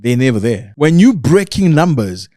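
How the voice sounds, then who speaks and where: A man giving a motivational talk to camera, emphatic, repeating lines for stress and now and then mimicking others in a mocking higher voice. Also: sing-song, moderate pace, dark tone, no echo, studio quality. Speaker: motivational speaker.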